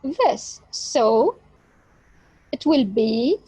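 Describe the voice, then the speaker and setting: A woman teaching an English lesson, speaking deliberately and stressing key words. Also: on the high side, sing-song, mellow, breathy edge, no echo, poor audio. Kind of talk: slow explanatory lesson.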